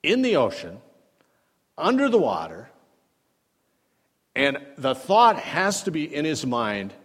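A man preaching a sermon in a conversational teaching style, reading scripture aloud, asking his listeners questions and swinging between soft asides and emphatic rises. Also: fairly low pitch, lively intonation, moderate pace. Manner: wide swings in loudness, dropping soft then rising emphatic. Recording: long hall reverb.

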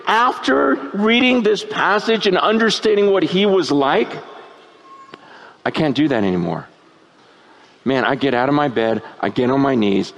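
A man preaching a sermon at a tent meeting, moving from hushed, low musings to loud, shouting peaks. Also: gravelly. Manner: animated, swinging from hushed to shouting.

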